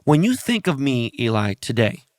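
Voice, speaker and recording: A mid-range, darkish male voice with big pitch swings and a moderate pace comes through a dry, studio-quality recording. A podcast host in casual conversation, he tells blunt stories laced with swearing, often addressing his audience directly.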